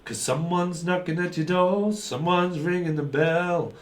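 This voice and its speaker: A man's voice: sits high, steady tone, measured pace. A man giving a rambling tarot reading, full of wordplay, snatches of song and silly voices. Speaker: tarot reader.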